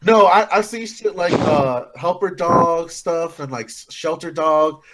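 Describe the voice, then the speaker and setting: A man's voice: a little high, measured pace, noisy background. A man in a casual chat, blunt and swearing.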